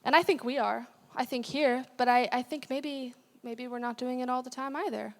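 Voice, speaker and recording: A woman's voice: high voice, fairly even intonation, normal speed. A young woman giving a casual, chatty sermon as a guest speaker, with many fillers. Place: church hall. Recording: long hall reverb.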